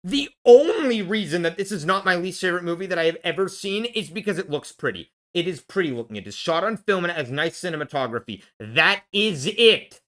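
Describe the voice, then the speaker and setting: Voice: medium pitch, lively intonation, fast, few pauses. A vlogger ranting in a casual film review, angry and blunt, swearing heavily and restarting when worked up.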